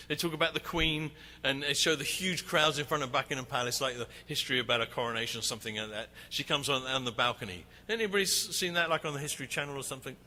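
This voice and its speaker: A man teaching about worship at a conference, animated as he tells a story. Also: on the high side. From England. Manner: animated, acts out shouting crowd. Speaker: worship leader. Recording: reverberant hall, faint ambience.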